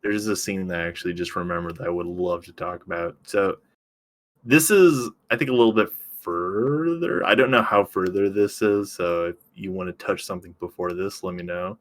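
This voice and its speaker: A man's voice: low-pitched, normal speed. A young man co-hosting a podcast in casual chat, loose and joking, with lots of fillers. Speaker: podcast co-host.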